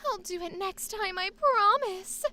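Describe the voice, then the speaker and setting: A woman voicing a timid, overly sweet young woman who talks in a soft, apologetic, hesitant way. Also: very high-pitched, a little slow, voice pushed up, heavily acted. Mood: meek, apologetic.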